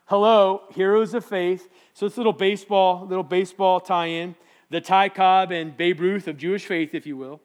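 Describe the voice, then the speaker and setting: Animated preacher, man with a higher voice. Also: moderate pace, clear, resonant tone. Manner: animated, jokey, acts out biblical voices. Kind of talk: casual sermon.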